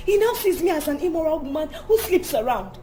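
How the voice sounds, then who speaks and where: A distressed wife. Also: female voice, high-pitched, sing-song, fairly quick, mellow, soft background music. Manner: pleading, repeats "Eh?". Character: distressed faithful young wife. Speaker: accused wife. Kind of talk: Nollywood film acting.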